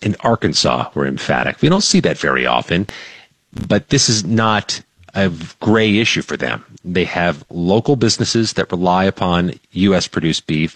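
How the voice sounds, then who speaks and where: A man with a very low voice gives political analysis as a weekly radio guest. He speaks in a measured, analytical way with a wry edge. The sound is dry and close. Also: dry recording.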